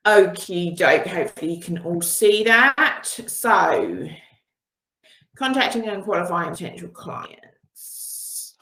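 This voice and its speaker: A woman's voice: lowish voice, lively intonation, slow pace, pushed and bright, reverberant, rough recording. A woman running an online coaching session over a video call, upbeat and encouraging, with frequent laughs. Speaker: business coach. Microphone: video call with screen sharing.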